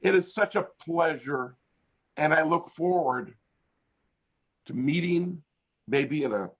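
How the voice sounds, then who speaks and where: An older American man with a husky, slightly raised voice tells a story on a video call. His pitch leaps around as he laughs and builds the joke, casual and animated throughout. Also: slow pace. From United States. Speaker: interview guest, hypnotist.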